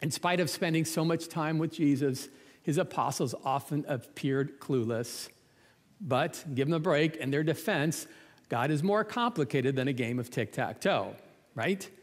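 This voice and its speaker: Man preacher with a higher voice and a light, joking manner, who asks rhetorical questions, in a long-reverb hall. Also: measured pace. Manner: conversational, humorous, full of rhetorical questions. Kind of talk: sermon.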